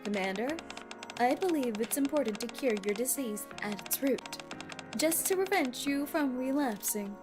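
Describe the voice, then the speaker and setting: A woman voicing a quiet, cold young woman, reading game dialogue in a low, hushed, solemn way over game music. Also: lively intonation, moderate pace. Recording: loud game music behind.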